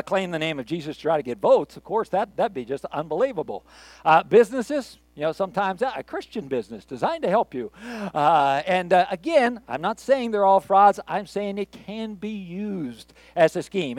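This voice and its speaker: A man's voice: high-pitched, dry recording. A man pastor preaching a sermon in a joking, self-mocking, conversational way.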